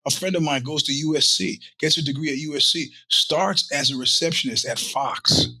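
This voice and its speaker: Middle-aged male host, husky, bright-edged, profane casual storyteller who plays every character himself. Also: fairly high pitch, moderate pace. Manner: animated, profane, acts out quoted voices. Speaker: podcast host.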